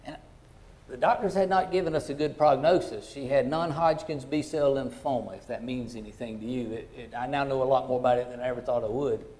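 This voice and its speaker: A middle-aged man, a pastor telling a personal story in a sermon in a folksy, heartfelt way that swings from hushed to loud. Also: mid-range voice, fairly quick.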